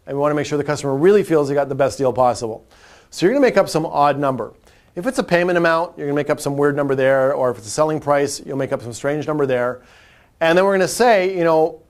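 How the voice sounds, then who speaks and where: A man teaching car sales technique, talking directly and acting out quick salesman and customer exchanges. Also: on the high side. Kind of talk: sales training talk with role-play examples.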